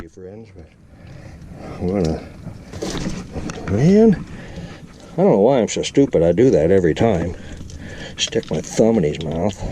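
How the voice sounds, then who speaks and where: Older man chatting with a fish on camera. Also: lowish voice. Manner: chatty, talks to the fish and viewers with playful whoops. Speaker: angler vlogger. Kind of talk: casual fishing vlog commentary. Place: small boat on a lake outdoors. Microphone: boat-mounted camera mic. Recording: outdoor camera audio with steady noise.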